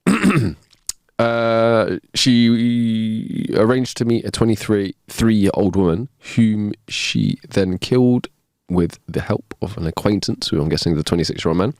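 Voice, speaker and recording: A man's voice: on the low side, animated, unhurried, darkish tone, no echo, studio quality. A man co-hosting a podcast, chatting casually and reading a news story aloud with his own asides. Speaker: podcast co-host. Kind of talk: casual chat.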